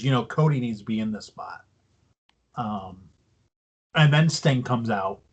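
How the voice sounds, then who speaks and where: A man co-hosting a podcast, recapping a wrestling show in loose casual chat with swearing and mocking asides. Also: medium pitch. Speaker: podcast co-host.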